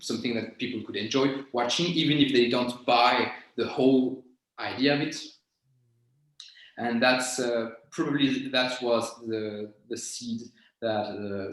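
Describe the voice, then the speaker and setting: A man, a guest mentalist in an interview, speaking in a halting way as he searches for words. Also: medium pitch. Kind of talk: conversational interview. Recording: very echoey room.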